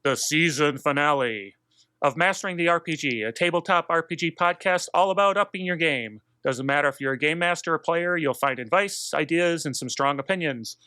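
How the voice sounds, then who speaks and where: A man's voice: on the high side, brisk, pushed and bright, smooth, dry recording. A man hosting a tabletop game podcast in a laid-back, rambling way with fillers. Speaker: podcast host. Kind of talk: casual chat.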